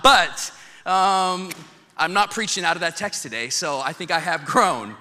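A man pastor gives a sermon into a handheld mic in a church. His voice is bright and a little high, his delivery casual, self-mocking and animated. The sanctuary adds a long, echoing reverb. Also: normal speed. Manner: casual, joking, animated storytelling. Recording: echoey hall, long reverb.

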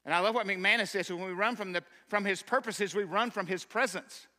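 A man's voice: high voice, a little fast, bright, forceful tone. A man, a pastor, giving an emphatic, impassioned sermon. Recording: long hall reverb.

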